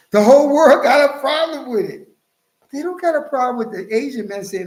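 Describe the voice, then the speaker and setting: A man's voice: high voice, big pitch swings, moderate pace, darkish tone. A man hosting his own channel, preaching emphatically and scolding his listeners as he cites scripture. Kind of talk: preaching commentary. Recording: roomy echo.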